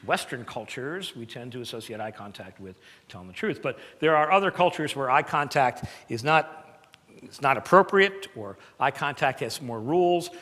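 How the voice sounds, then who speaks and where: Lively man teaching in a reverberant hall. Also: mid-range voice, moderate pace. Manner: lively, emphatic, conversational with playful asides. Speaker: presentation skills trainer. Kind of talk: live seminar talk.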